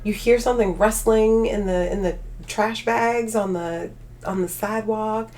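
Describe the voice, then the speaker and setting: A woman's voice: mid-range voice, fairly even intonation, unhurried, darkish tone. A woman hosting a livestream, tired and chatting away to her viewers. She rambles, leans heavily on filler words and laughs easily, in a mid-range voice for a woman. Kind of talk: casual live chat.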